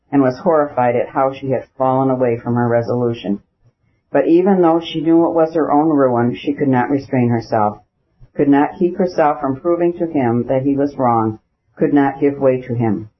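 A male audiobook narrator reads a classic novel with measured, even storytelling. His voice is husky and mid-pitched. The recording is dull and lo-fi.

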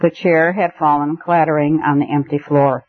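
A man narrating a classic story as an audiobook reader, measured and expressive. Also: fairly high pitch, faint music behind. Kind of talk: scripted narration. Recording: tinny phone-like band, dry.

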